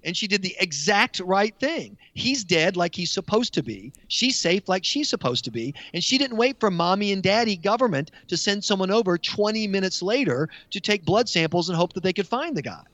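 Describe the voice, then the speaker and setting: Animated, sarcastic American man debating. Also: high-pitched, moderate pace, hardly any pauses, dry recording. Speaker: studio guest. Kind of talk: heated studio debate.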